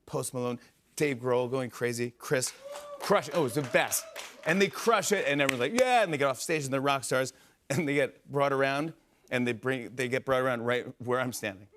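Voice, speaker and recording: Excitable talk show host telling stories. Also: male voice, medium pitch. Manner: excited, rambling anecdotes with fillers and quick impressions. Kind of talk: animated storytelling on a talk show. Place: television studio.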